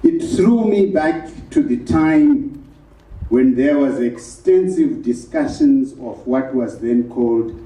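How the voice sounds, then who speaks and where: A man giving measured, reflective remarks about a book at a launch event. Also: medium pitch, sing-song, gravelly, mellow. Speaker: speaker reviewing the book. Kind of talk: prepared public remarks. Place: event hall in Harare. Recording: echoey hall, far from the mic.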